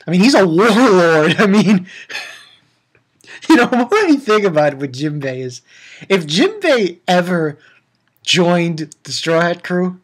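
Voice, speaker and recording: A man's voice: high-pitched, sing-song, a little slow, pauses often, breathy edge. A man casually recapping an anime episode, rambling with laughs, swearing and acted-out quotes. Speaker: anime reviewer.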